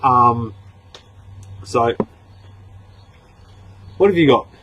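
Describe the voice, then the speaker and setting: Husky middle-aged man chatting on a livestream. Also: mid-range voice, drawn-out words, low-quality recording. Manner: chatty and relaxed, with frequent ums and restarts. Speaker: livestream host answering chat questions. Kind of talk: casual live-stream chat. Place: at home.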